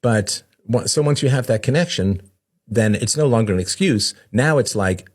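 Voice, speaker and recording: A man's voice: mid-range voice, lively intonation, normal speed. A man hosting a talk show, explaining in a conversational way, often asking "right?" and acting out the voices of the people he quotes. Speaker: podcast host. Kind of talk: explanatory monologue.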